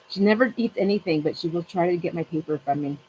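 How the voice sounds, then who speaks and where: A woman's voice: on the low side, a little mellow, dull audio, slight background noise. Chatty middle-aged woman telling a story. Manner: chatty, rambling storyteller who laughs often. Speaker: channel host. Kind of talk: casual chat with friends.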